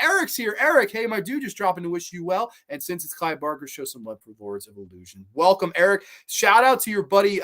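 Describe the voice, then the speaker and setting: A young man with a fairly high-pitched voice chats loosely on a livestream, reading out comments. He swears constantly and keeps restarting his sentences, so his talk runs on and loops back. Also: a bit bright. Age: young adult. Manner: rambling, heavily profane, many restarts. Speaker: livestream host.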